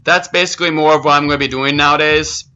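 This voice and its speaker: A man's voice: a little high, fairly even intonation, fast talker, bright, forceful tone, clean tone. A young man giving goofy, rambling gameplay commentary and making self-mocking jokes as host of his own gaming channel. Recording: dull lo-fi mic.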